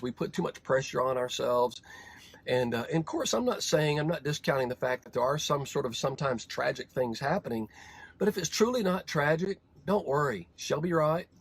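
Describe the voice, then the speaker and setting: American horse trainer guy telling stories from his truck, folksy and laid back, a bit husky. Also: a little high. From United States. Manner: folksy, relaxed storytelling with many fillers. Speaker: horse trainer and show host. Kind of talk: storytelling vlog. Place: parked vehicle at a ranch.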